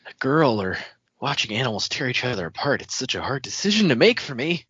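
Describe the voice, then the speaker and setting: A man's voice: medium pitch, very animated, a little fast, fairly bright tone, husky, dry recording. A man co-hosting a casual book discussion podcast, making joking asides. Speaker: podcast co-host. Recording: dull, muffled audio.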